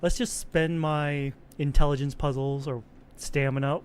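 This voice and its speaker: A man's voice: fairly high pitch, fairly even intonation, unhurried, very noisy. A man streaming a game, chatting casually, joking and reading story text aloud. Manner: chatty, joking, laughs often.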